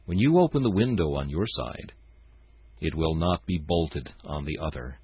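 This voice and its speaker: A man reading a morning devotional in a solemn, measured way. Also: extremely low pitch, expressive, breathy edge, dry recording. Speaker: devotional reader. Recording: tinny phone-like dry sound.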